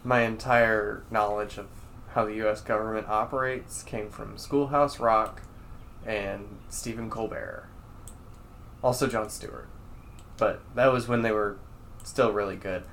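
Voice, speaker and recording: A man co-hosting a casual chat. He is animated, swears freely and acts out quotes in exaggerated voices. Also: lowish voice, measured pace, creaky, a little hiss or hum.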